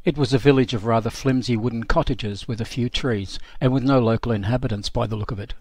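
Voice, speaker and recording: A male documentary narrator reading a first-person memoir in a measured, sober delivery. His voice sits at an average pitch. The recording is dry and close, with no room sound. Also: a little mellow, dry recording.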